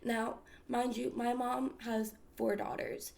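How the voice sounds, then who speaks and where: A woman's voice: on the high side, sing-song, slow, creaky, darkish tone, slight background noise. A woman from the States hosting a podcast, telling a personal story in a candid, emphatic way and swearing freely. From United States. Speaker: podcast host. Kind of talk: casual storytelling chat.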